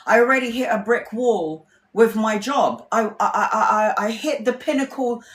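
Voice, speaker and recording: A woman's voice: a little high, normal speed. A woman, a tarot reader telling a personal story in a casual, chatty way, laughing often and swearing freely. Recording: roomy echo.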